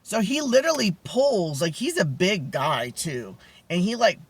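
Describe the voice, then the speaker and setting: A man vlogging, telling a personal story casually with many fillers, restarts and dramatic pitch swings. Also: sing-song, measured pace, slightly rough.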